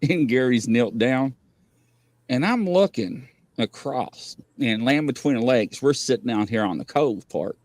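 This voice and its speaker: On his casual livestream, a paranormal variety show host tells animated, rambling stories and laughs often. His mid-range voice moves slowly with long pauses, in studio-quality audio with no room sound.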